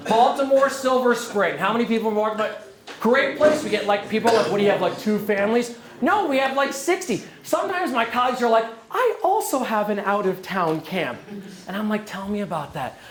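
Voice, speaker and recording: A man giving an energetic, joking presentation to a room of prospective camp staff, often turning to the audience with questions. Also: very high-pitched, a little fast, crowd noise. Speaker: camp director recruiting staff. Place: lecture room. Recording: roomy hall echo.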